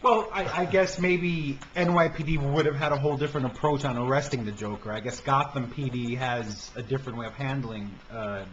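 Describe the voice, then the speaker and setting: A man's voice: mid-range voice, steady tone, brisk, few pauses. A man hosting a casual film review podcast, talking hesitantly with many fillers and restarts. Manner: hesitant, stammering, lots of fillers. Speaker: podcast host. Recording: dull lo-fi amateur podcast recording with faint noise.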